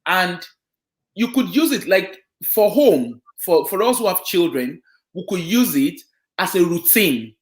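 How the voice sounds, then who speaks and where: A man's voice: high voice, sing-song, a little slow. A man who works as a children and family social worker, giving a community talk on parenting and often checking in with his listeners. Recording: echoey room.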